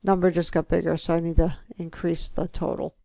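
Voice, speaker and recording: A woman teaching a spreadsheet lesson, talking through each click step by step in a relaxed way. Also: lowish voice, fairly quick, gravelly, dry recording. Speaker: instructor. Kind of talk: screen-recorded software tutorial.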